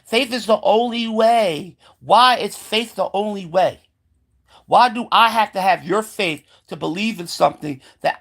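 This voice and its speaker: Vlogger ranting to camera: heated and sarcastic, swears nonstop, trips over repeated words, medium pitch. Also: vocal fry, fairly bright tone, breathy edge. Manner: stumbles into repeated filler words; mocking voices of believers. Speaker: solo vlogger. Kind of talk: profane rant to camera.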